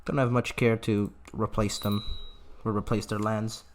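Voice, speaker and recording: A man giving playful, sarcastic let's-play commentary on a strategy game, slipping into drawn-out mock grief and quick asides to his viewers. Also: on the low side, little pitch movement, slight background noise. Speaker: gaming channel host.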